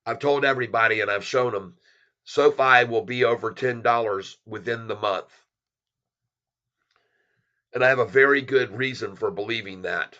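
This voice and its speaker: A brash man talks stocks in a casual vlog, his voice bright and forceful. He speaks bluntly and with excitement. The sound is dull and lo-fi. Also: medium pitch, normal speed, long pauses. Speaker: stock channel host.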